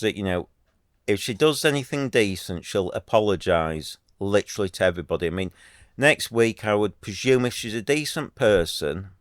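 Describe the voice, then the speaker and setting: A man's voice: fairly low pitch, no echo, clean studio sound. Earnest rambling man. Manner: earnest, rambling with many restarts and fillers. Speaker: YouTuber. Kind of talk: casual commentary to camera.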